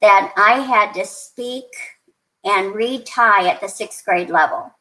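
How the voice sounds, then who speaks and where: An older woman guesting on a podcast, talking in a casual, rambling way. She restarts her sentences often and fills the gaps with "um" and "you know". Her voice sits at an ordinary middle pitch for a woman. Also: slow pace, pushed and bright, low-quality recording. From New Mexico, USA. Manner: rambling, many restarts and fillers, chatty. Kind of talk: casual interview storytelling.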